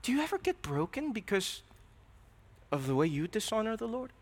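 A man's voice: sits high, big pitch swings, a little fast. A man preaching a sermon, earnest and questioning, often repeating his words. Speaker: pastor. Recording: reverberant hall.

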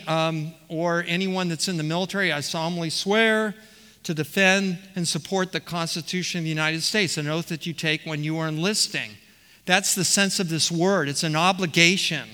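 Preacher, male, high and bright voice, emphatic and questioning, long church reverb. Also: clean tone. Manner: emphatic, repeats words, asks questions of the congregation. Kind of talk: expository sermon. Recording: long reverb of a large hall.

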